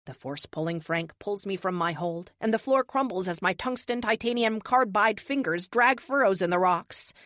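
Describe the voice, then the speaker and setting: A woman narrating a first-person action audiobook with dramatic, expressive delivery on a close studio mic. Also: mid-range voice, normal speed, hardly any pauses, no room sound.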